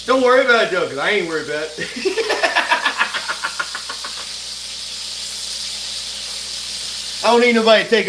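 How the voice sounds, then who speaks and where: Cooking at home, a man livestreams a casual chat through his phone in a high-pitched, fairly bright voice. He drawls, rambles and laughs frequently as food sizzles and fries behind him, with slight background noise.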